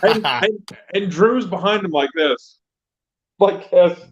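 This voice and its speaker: A man telling stories in casual podcast chat, animated and full of "like". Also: high voice, takes it slowly, a little hiss or hum. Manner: animated storyteller, heavy use of "like". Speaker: podcast guest, comedian and wrestling trainer. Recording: dull lo-fi sound.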